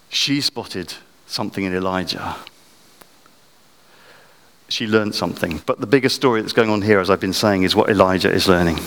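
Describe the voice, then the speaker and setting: A man's voice: mid-range voice, a bit bright. Preacher man in a reverberant hall. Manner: dramatic, rising sharply when acting out quoted prayers. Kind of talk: sermon.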